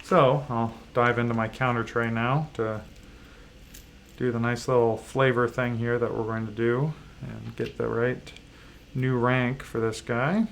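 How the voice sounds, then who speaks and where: A man streaming a solo board game session, walking through its rules in a halting, casual way with frequent fillers and self-deprecating asides. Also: mid-range voice, fairly even intonation, creaky, a little hiss or hum.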